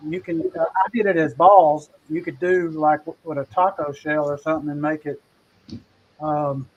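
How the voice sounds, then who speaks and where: A man co-hosting a cooking show, talking in a folksy, relaxed way with plenty of fillers. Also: a little high, moderate pace, dull audio. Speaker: co-host cook. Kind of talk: casual chat.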